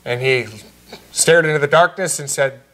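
A man preaching as pastor in a church, earnest and measured, slowing down on key phrases. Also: on the high side, sharp tone. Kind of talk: sermon. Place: church sanctuary.

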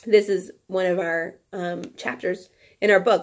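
Teacher reading aloud with playful asides. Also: female voice, fairly low pitch, steady tone, measured pace, darkish tone. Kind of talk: reading a book aloud to a class.

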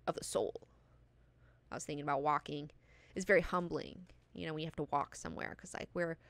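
A woman's voice: on the low side, fairly bright tone, clear, resonant tone, no echo. A woman hosting a book club, reading passages aloud and chatting about them casually, with lots of swearing and fillers.

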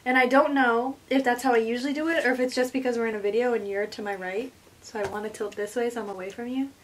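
A woman's voice: fairly high pitch, fairly even intonation, quick pace, a little hiss or hum. A young woman, a guest friend, chatting casually and giggling while she eats. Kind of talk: casual chat while eating.

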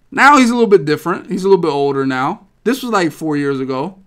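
This man, host of a gaming podcast, speaks at a quick pace in a highish voice. Expect plenty of swearing and lively, meandering storytelling in his casual chat.

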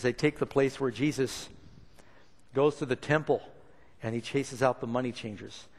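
A man preaching a sermon in a lively, expressive way, acting out the lines he quotes. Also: high voice. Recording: long reverb of a large hall.

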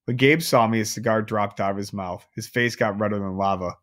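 A man's voice: fairly low pitch, fairly even intonation, fairly quick, fairly bright tone. A man reading a novel aloud, adding casual chatty asides to his listeners. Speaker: audiobook reader.

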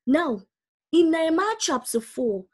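A woman's voice: very high-pitched, very animated, a little slow. A woman preaching a sermon, reading scripture aloud and urging her listeners directly.

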